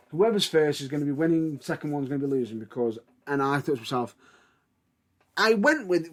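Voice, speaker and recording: A male podcast host with a fairly high voice, chatting casually. He retells moments in an excitable, animated way. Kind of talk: casual chat.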